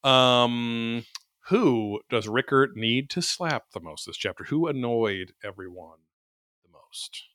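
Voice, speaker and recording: A man co-hosting a podcast in casual chat, rambling and animated and swearing freely. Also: mid-range voice, slow. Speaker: podcast co-host.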